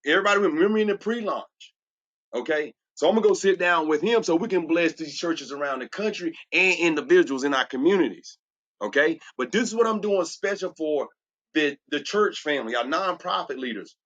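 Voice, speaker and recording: Emphatic coach type, man, a bit high-voiced, churchy sales pitch, muffled lo-fi recording. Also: animated, brisk, fairly bright tone. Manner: preachy, emphatic, repeats "watch this". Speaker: transformational coach. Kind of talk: solar sales presentation.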